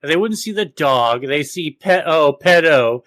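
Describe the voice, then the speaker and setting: Brief: male podcast co-host, high-pitched, profane ranting, dry close mic. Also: animated, unhurried, a bit bright, no echo. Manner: profane, ranting, mocks others in exaggerated voices. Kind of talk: casual podcast chat.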